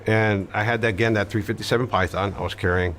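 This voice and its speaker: Recounting his past in conversational style, this interview guest is plainspoken, sprinkling in casual profanity and plenty of fillers. He talks fast in a lowish, steady, fairly bright voice over a faint hiss or hum.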